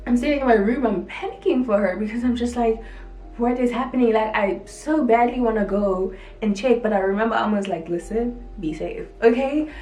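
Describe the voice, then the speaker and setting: A woman's voice: a little high, brisk. A woman vlogger telling a dramatic story to camera, acting out what people said, with lots of "like". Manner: animated, acts out quotes, frequent "like". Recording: echoey room, faint music behind.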